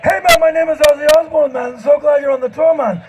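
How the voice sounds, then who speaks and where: A man doing an impression of an excited male rock star who shouts and rushes his greeting. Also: extremely high pitch, a crowd in the background, pitched above the performer's own voice. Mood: hyped.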